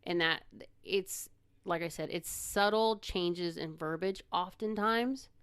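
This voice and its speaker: Female co-host, smooth lower voice, dry close mic, measured explainer. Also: a bit bright, no room sound. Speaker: podcast co-host with her husband. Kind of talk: casual chat.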